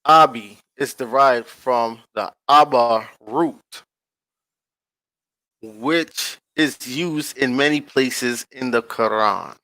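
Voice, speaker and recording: An online channel host reads slowly from a screen-shared page as casual commentary, drawing the words out and often checking in with listeners, speaking to viewers directly in casual slang. His voice is bright and medium-pitched, with no echo, though the recording is rough.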